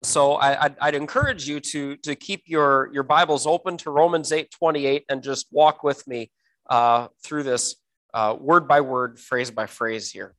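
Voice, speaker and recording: A man teaching a Bible verse word by word, often pausing with fillers and repeating words, slowing down to stress key phrases. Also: medium pitch, fairly bright tone, rough recording.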